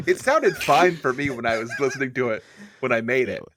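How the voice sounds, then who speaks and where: A man's voice: mid-range voice, expressive, brisk, background noise. A man co-hosting a podcast, telling a rambling, self-deprecating story in a casual chat. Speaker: podcast co-host and editor.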